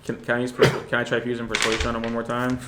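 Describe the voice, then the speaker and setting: A man playing a tabletop game, eager and lively in his talk. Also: medium pitch, very fast, heavy background noise. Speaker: player.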